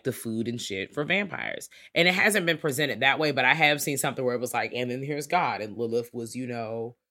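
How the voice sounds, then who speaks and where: A podcast co-host in casual, slangy chat, recapping a TV series and acting out characters with big swings in pitch. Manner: animated, swearing, acts out characters with big pitch jumps; slangy, fast casual talk.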